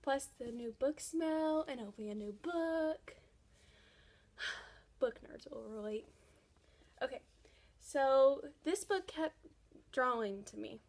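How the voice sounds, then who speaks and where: Young woman, high-pitched, slow-paced, casual vlog chat, gushing fan. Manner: gushing, enthusiastic fan talk. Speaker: book vlogger.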